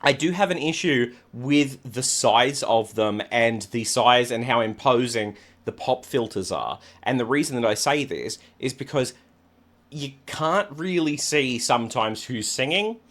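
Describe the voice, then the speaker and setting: A man's voice: mid-range voice, expressive, a little slow, fairly bright tone. A man hosting his own channel as a vocal coach, chatting casually and upbeat as he speaks straight to his viewers. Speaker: vocal coach reacting to music videos. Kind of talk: casual reaction commentary.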